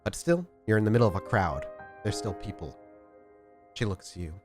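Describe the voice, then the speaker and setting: A man's voice: fairly low pitch, brisk, music in the background. A man narrating as storyteller of a tabletop role-playing game, descriptive and conversational. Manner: lively, descriptive narration with fillers.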